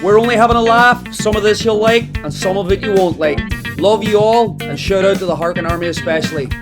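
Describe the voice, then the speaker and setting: A man's voice: sits high, a little fast. Cheery Derry man intro over guitar. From Derry, Northern Ireland. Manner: energetic, cheery announcing. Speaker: podcast host. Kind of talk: upbeat show intro over music. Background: guitar music.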